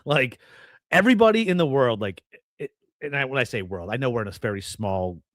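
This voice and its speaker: A man co-hosting a casual golf betting podcast, ranting with lively, profane emphasis. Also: medium pitch, brisk, no echo. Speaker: podcast co-host. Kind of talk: casual sports betting chat.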